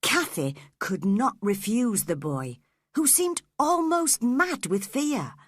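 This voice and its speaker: Woman reading a story for learners, slow and clear, lively pitch, dry close sound. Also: dry recording. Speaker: narrator. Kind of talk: graded reader story narration.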